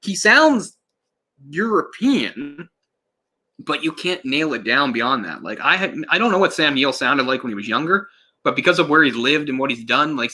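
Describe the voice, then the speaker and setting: A man's voice: a little high, bright, forceful tone. A man giving a casual, rambling live commentary on a film, often restarting his sentences and sometimes swearing. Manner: rambling, self-correcting, laughs and swears in passing.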